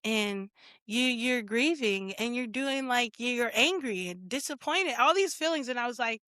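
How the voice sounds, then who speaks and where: High, bright-voiced woman podcast host. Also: lively intonation, normal speed, clear, resonant tone, dry recording. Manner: laughs often, acts out her own reactions in quotes. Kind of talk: casual chat.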